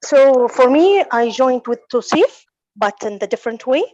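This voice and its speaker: A woman from Libya, a student in an online class, speaking haltingly with many fillers as she searches for words. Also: high voice, expressive, a crowd in the background. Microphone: video call. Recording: dull, dry video call audio.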